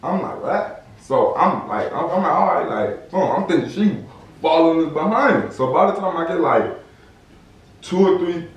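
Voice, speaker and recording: Young guy from socal spinning a story, kinda high voice, echoey room, far off the mic. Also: normal speed. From Southern California. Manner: animated, slangy, acts out quotes. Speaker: podcast host. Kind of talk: casual storytelling.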